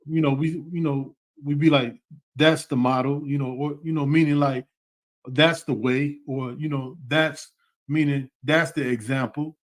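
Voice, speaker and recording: In a scripture class over video call, an American man talks unhurriedly in a fairly high, steady voice. His speech is loose and full of fillers, and he keeps offering repeated affirmations.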